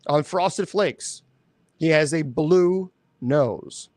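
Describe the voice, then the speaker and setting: A man hosting a show, chatting casually in a rambling, animated way, often correcting himself. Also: a little high, very slow, dry recording. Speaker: host. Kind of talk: casual chat.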